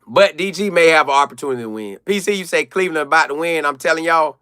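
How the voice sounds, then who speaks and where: Young man hosting a live stream, high-pitched and excitable, close dry mic, loops back on his own words for emphasis. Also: fast, clear, resonant tone, no room sound. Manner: animated, excitable, repeats phrases for emphasis. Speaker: live-stream host answering chat. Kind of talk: casual live chat commentary.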